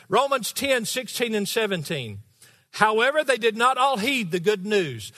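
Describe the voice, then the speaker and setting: A man preaching as pastor, emphatic and rising to shouts, teasing his congregation now and then, in a large church with a balcony. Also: high voice, very animated, normal speed, long reverb tail. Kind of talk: sermon.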